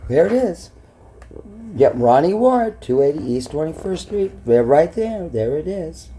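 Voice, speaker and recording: A man's voice: on the high side, sing-song, a little slow, dark tone, slight background noise. A man from Brooklyn, rambling and swearing bluntly as he talks to his camera. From Brooklyn, New York. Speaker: vlogger.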